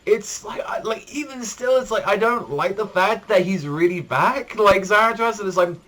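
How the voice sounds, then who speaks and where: A man giving a casual spoken manga chapter review, rambling with constant fillers and jumping up in pitch when excited. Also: normal speed. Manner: rambling, heavy use of "like", frequent restarts.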